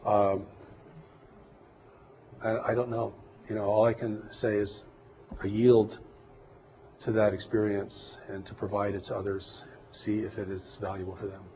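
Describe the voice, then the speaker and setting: A man with a somewhat low voice speaks as an interview guest, calm and reflective. He sounds earnest as he explains at length. A faint bed of noise runs behind him. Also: measured pace, pauses often, poor audio. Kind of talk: interview talk.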